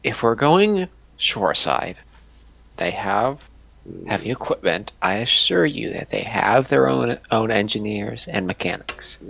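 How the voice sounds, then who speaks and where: A man playing a tabletop game, speaking dryly and matter-of-factly in a gravelly voice. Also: fairly low pitch, animated, unhurried, fairly bright tone, low-quality recording. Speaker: tabletop player.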